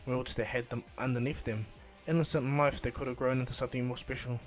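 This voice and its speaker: A man's voice: medium pitch, little pitch movement, fast, over music, lightly acted. A man voicing a stern, menacing god of destruction. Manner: stern, threatening. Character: arrogant godlike male destroyer warrior.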